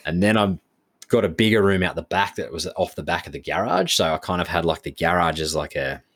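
Pitched low and talking fairly quickly, this Australian man co-hosts a podcast and tells a long story over casual chat. It's a rambling, animated retelling full of dialogue he acts out and quotes.

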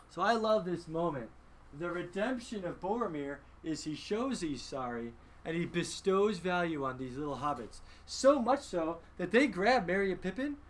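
A man leading a film discussion in a lively, emphatic teaching style, often asking his listeners rhetorical questions. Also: sits high, moderate pace. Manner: emphatic, conversational.

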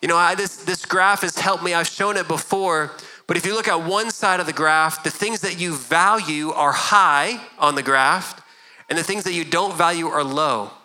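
A man's voice: on the high side, moderate pace, bright, forceful tone, low-quality recording. A middle-aged man preaching a sermon as a pastor, earnest and conversational, often repeating words as he goes.

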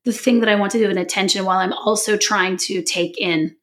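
A woman hosting a podcast in casual chat, animated and playful, laughing often. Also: medium pitch, a little fast. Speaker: podcast host.

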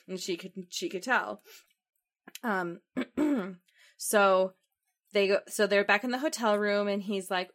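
A woman's voice: mid-range voice, takes it slowly, long pauses. A woman casually recapping a film plot for a podcast, acting out the characters' lines and laughing as she goes. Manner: animated retelling, acts out quotes, laughs often. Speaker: podcast co-host. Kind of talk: casual movie recap chat.

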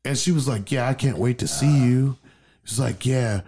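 A man in his thirties telling a story in casual chat, animated and profane, acting out the quotes. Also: moderate pace, slight background noise. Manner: animated, profane, acts out quotes in a mocking high voice.

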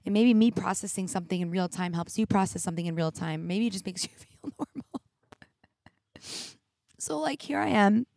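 With a medium-pitched, creaky, darkish voice at normal speed, a young woman talks through an emotional solo episode of her own podcast. She's candid and reflective, sometimes teary, and uses "like" a lot. The studio-quality recording, made with a studio mic and headphones, has no room sound.

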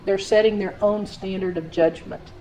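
A woman's voice: medium pitch, steady tone, normal speed, a little mellow, slight background noise, rough recording. Earnest woman teaching scripture. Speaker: Bible teacher. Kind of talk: sermon reading and explaining scripture.

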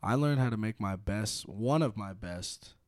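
A man's voice: lowish voice, measured pace, no room sound. A man hosting a casual podcast chat at home, joking, teasing and swearing freely. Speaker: podcast host. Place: home, recorded in person.

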